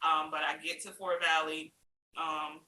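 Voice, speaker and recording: Woman, interview guest, animated storyteller, acts out quotes, laughs often, roomy recording. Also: sits low, measured pace. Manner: animated, acts out other people's lines; laughs often while talking. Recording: roomy with faint hiss.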